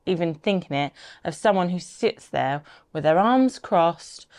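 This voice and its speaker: A woman co-hosting a podcast, talking through tips in a lively, animated, conversational way. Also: on the low side, unhurried. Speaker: podcast co-host. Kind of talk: casual advice chat.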